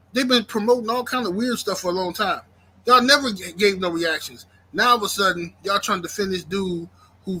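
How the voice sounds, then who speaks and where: A man in rants on his livestream, circling back over his points and answering chat as he goes. His voice sits high and sounds bright and edgy. A faint hiss runs underneath. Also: poor audio. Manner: ranting, repeats himself, reads chat aloud. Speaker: YouTube livestream host. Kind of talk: casual livestream rant.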